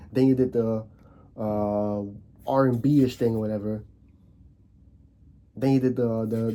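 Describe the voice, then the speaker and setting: A Dutch commentary vlogger with a mellow, medium-pitched voice rants casually on camera. He repeats himself, restarts often and throws out rhetorical questions.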